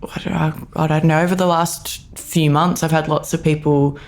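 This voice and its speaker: A woman co-hosting a podcast in casual chat, relaxed and giggly, using lots of fillers. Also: low-pitched, fairly quick. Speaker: model and podcast co-host.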